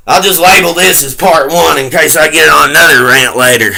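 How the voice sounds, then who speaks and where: A man's voice: fairly high pitch, fairly quick, vocal fry, hardly any pauses, reverberant, recorded from a distance, rough recording. Profane bitter man ranting. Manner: shouting and sing-song chanting. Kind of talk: angry rambling rant to camera.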